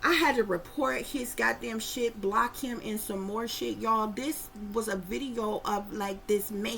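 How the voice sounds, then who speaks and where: Profane, animated middle-aged woman. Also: sits high, slight background noise. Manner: profane, animated, keeps calling out to the audience. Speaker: psychic reader. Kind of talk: casual storytelling to viewers.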